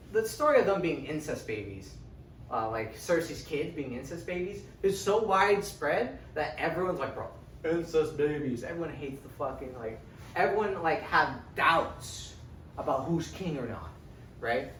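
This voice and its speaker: A man's voice: high-pitched, fairly bright tone. A young man casually recapping a book series, chatty and profane, constantly checking in with "right?". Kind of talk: casual, rambling spoken recap. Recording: roomy, distant from the mic, faint hiss.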